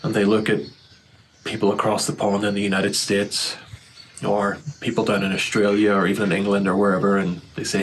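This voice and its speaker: An Irish man musing earnestly in a casual monologue, recorded outdoors in the morning with loud birdsong behind him. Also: lowish voice, completely flat delivery, fairly quick, slight background noise, rough recording. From Ireland. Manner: thoughtful, earnest, building to heated. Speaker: vlogger.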